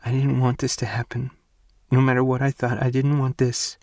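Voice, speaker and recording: A man's voice: mid-range voice, steady tone, fairly quick, vocal fry, warm tone, dry recording, studio quality, voice pushed up. A man voicing a grieving young woman in an audiobook, fragile and guilt-ridden, with a small, tearful voice. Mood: guilty. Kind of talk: audiobook character voice.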